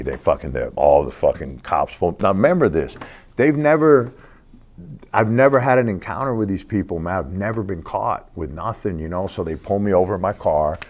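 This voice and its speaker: Very deep-voiced, profane man in his sixties. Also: a little mellow. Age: 60s. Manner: profane, streetwise storytelling; acts out other people's lines in quoted voices. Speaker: interview guest. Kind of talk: casual storytelling interview.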